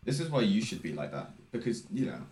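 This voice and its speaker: Brief: low-pitched young guy, dry self-mocking podcast host, roomy echo. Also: big pitch swings, fast talker, darkish tone. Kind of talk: casual chat.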